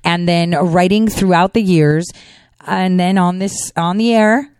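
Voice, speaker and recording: A woman hosting a political commentary show, talking fast in a chatty, rambling monologue full of fillers. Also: lowish voice, darkish tone, clear, resonant tone, dry recording. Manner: talks fast. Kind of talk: casual monologue.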